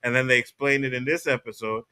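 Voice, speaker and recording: A man hosting a relaxed roundtable show, with a bright, forceful tone and a blunt, profane way of talking. He laughs often and keeps the conversation moving, his voice landing at a middle pitch for a man. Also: fast talker, smooth. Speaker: podcast host. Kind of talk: casual roundtable chat.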